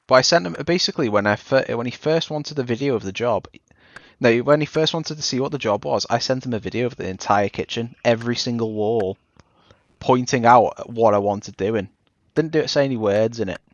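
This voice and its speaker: A young Liverpool man with a Scouse accent chats casually while streaming a game, talking fast in an animated, mid-range voice. He rambles and cuts himself off mid-sentence, and the stream audio is dull and dry with no echo.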